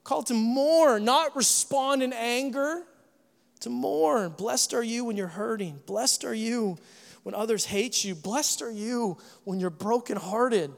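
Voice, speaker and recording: A man preaching a sermon as pastor, animated, swinging between hushed tones and shouting, with joking asides to the congregation. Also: very high-pitched, a little slow, vocal fry. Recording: long hall reverb.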